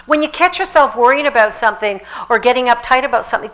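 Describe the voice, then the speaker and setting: A woman minister giving a lively, animated sermon, with sudden shouted exhortations and laughter. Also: medium pitch, fast talker, hardly any pauses, low-quality recording.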